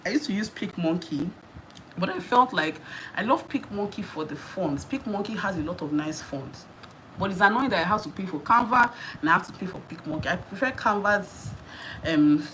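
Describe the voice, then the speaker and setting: A woman's voice: medium pitch, lively intonation, moderate pace, fairly bright tone. A Nigerian woman in her thirties chatting casually while answering viewer questions on a live stream, laughing often and repeating herself. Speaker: YouTuber hosting a live Q&A. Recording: noisy live-stream audio.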